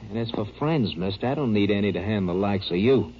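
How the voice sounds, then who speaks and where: An actor playing a firm, protective rancher husband who talks in a plain rural way, in 1940s radio acting style. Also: male voice, lowish voice, animated, a little fast, slight background noise, natural voice. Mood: stern. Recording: dull old radio broadcast with music.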